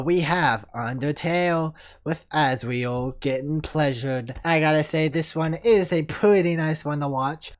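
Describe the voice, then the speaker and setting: A relaxed channel host talking through a ranked list in a loose, casual way. The delivery wanders and keeps returning to "you know" between points, in a medium-pitched voice. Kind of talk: casual ranking commentary.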